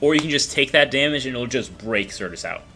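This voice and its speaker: Guy running a tabletop game as gm, bright voice, lots of ups and downs, lots of uhs and ums. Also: medium pitch, soft background music. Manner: animated, halting narration with many fillers. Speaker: game master.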